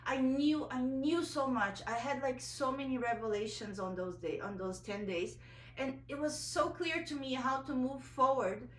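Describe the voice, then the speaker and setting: A woman's voice: sits high, moderate pace, roomy sound, distant mic, rough recording. A woman vlogger telling a personal story in a candid, emotional way, a little nervous, full of fillers and restarts.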